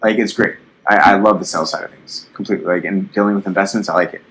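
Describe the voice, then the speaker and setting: A man's voice: low voice, fairly even intonation, fast talker, a bit bright, a little hiss or hum, low-quality recording. A young man in his twenties hosting a casual podcast, rambling bluntly with lots of swearing and fillers; his voice sounds youthful. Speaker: podcast host.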